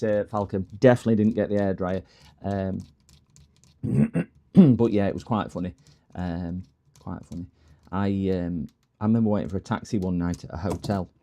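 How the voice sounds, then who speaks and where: At his workbench at home, a man chats casually to his stream while doing repairs. His warm, fairly low voice carries rambling, stop-start stories with frequent laughs and restarts.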